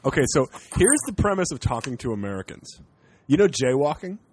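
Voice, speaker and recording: Canadian comic guy rambling and joking, lively up-and-down voice, dry close sound. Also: medium pitch, brisk, slightly rough, no echo. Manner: rambling, animated, joking with swearing. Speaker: comedian. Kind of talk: casual podcast chat.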